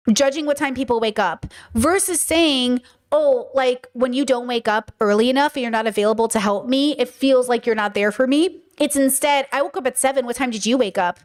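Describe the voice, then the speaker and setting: Animated woman host, high voice. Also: fairly quick. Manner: animated, acts out quoted exchanges. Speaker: podcast host reacting to a video. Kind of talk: casual chat.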